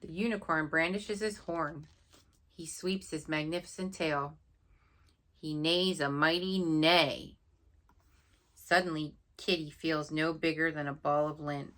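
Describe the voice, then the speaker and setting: A woman reading a picture book aloud at bedtime, gentle and pausing to point things out to the listener. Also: deep voice, steady tone. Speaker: storybook reader.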